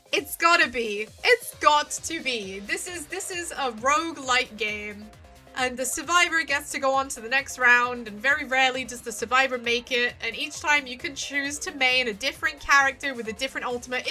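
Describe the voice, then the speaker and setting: Here a woman's voice is high-pitched, bright and forceful, moving at a moderate pace over faint background music. As a streamer live-commentating her let's-play of a visual novel, she vents her exasperation by swearing and pleading at the screen.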